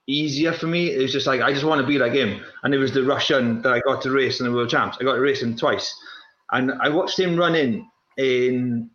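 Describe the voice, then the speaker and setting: A young man, a former runner, talking in a casual chat, restless and repeating himself in quick bursts. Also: medium pitch, steady tone, a bit bright. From Wales. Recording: roomy, dull lo-fi sound.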